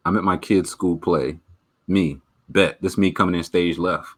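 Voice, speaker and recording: A man's voice: low-pitched, steady tone, moderate pace, husky. A man hosting a podcast, bantering casually and cracking laid-back jokes. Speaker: podcast host. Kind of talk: casual chat.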